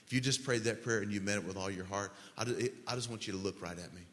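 A man preaching a sermon as pastor, earnest and pleading, slowly leading the congregation through a prayer. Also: on the low side, fairly bright tone. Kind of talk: sermon altar call. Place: large church hall. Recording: long church hall reverb.

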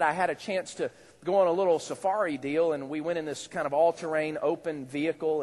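A male pastor preaching a sermon in a conversational, animated way, with rising exclamations. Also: on the high side. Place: church hall. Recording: echoey church hall.

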